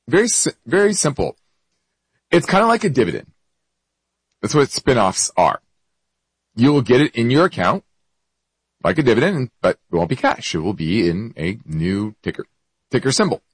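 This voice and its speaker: A man's voice: mid-range voice, sing-song, normal speed, long pauses, slightly rough, no echo, poor audio. A man hosting an investment show, explaining markets and answering a listener's question, with hiccups and frequent self-corrections.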